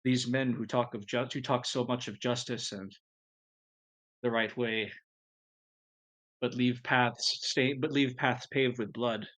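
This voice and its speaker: A man's voice: medium pitch, fairly even intonation, a little slow, pauses often, a bit bright, lightly acted. A man voicing a kind, earnest female robot companion who speaks in short, solemn declarations in a tabletop game. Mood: gentle, solemn.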